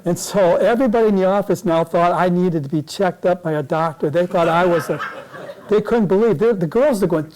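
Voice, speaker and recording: A man's voice: high voice, fairly quick, darkish tone, low-quality recording. A man speaking as a guest at a club meeting, telling a long personal story in a rambling way that often corrects itself.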